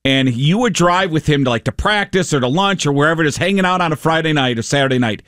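A man's voice: on the high side, quick pace, no echo, studio quality. A man hosting a sports talk radio show, telling stories in casual banter and acting out the voices of the people in them. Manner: animated storyteller acting out quoted voices.

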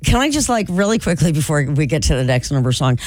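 Woman, radio host, casual chatty storytelling, very lively pitch, dry studio mic. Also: quick pace, dry recording. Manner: chatty storyteller, animated, laughs often. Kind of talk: casual on-air chat. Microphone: studio microphone.

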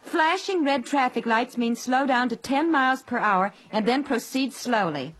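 A fussy, chirpy radio wife. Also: female voice, high voice, animated, normal speed, fairly bright tone, breathy edge, full character voice. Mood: coaxing. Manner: chirpy, patronizing, keeps calling him dear. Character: fussy, cheerful wife drilling her husband. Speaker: wife quizzing her husband. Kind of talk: 1940s radio acting.

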